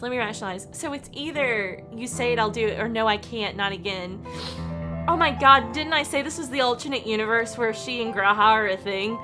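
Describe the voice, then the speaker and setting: A woman streamer reacting to a video game in an animated, emotional way with loud outbursts. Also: fairly high pitch.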